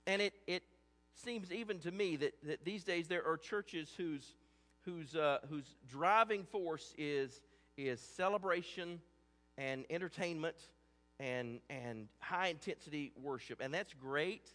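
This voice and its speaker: A man's voice: a little high, measured pace, a bit bright, long reverb tail. A man preaching a sermon as a pastor, earnest and conversational, often restarting his words.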